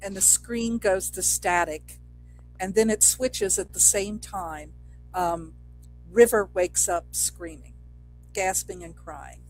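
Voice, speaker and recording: A woman co-hosting a podcast, relaxed as she walks through the plot of an episode in casual chat. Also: on the low side, soft background music, rough recording. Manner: relaxed narration of plot, quick affirmations. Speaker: podcast co-host.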